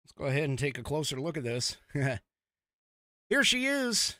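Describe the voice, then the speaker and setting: A man hosting a podcast, talking in a rambling, animated way with frequent chuckles as he gives casual political commentary. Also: a little high, normal speed, dry recording, clean studio sound. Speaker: podcast host.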